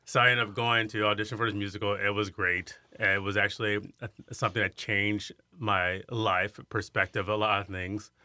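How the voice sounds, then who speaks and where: Fifties male guest from Iowa, lowish voice with a bright edge, animated storyteller; dry sound. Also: moderate pace, dry recording. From Iowa, USA. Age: 50s. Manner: animated storyteller who acts out quoted voices. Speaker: guest, singer and arts center director. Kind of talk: storytelling in an interview.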